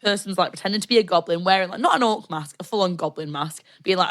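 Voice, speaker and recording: A woman's voice: lowish voice, quick pace, few pauses. A British woman co-hosting a podcast, chatting casually and recounting a live-action role-play event with lots of laughter and acted-out quotes. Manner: animated storyteller, laughs often, acts out quotes. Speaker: podcast co-host.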